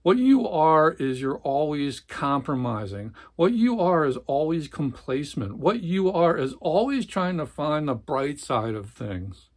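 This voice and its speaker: A man's voice: a little high, big pitch swings, measured pace, few pauses. A man voicing a harsh, accusing older brother, a surgeon who cuts down his sibling, in a novel reading. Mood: contemptuous. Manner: cutting, accusing.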